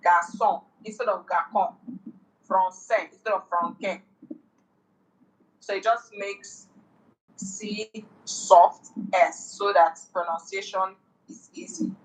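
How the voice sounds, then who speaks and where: A woman's voice: mid-range voice, measured pace, low-quality recording. A woman tutoring French in a casual one-on-one lesson, patiently repeating and rephrasing.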